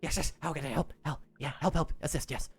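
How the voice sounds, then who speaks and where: A man voicing an eager, jittery rat king creature who repeats words in quick bursts. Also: fairly high pitch, steady tone, breathy edge, soft background music.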